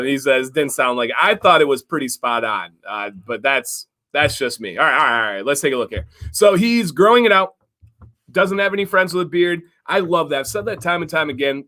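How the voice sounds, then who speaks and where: Bright, upbeat male stream host. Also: medium pitch. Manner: upbeat, chatty, reads viewer comments. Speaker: livestream co-host. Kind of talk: casual live-stream chat.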